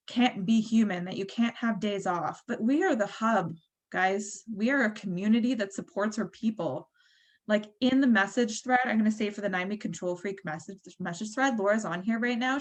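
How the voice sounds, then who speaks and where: Woman, 30s, team leader on a call; chatty, encouraging, lots of fillers. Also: medium pitch.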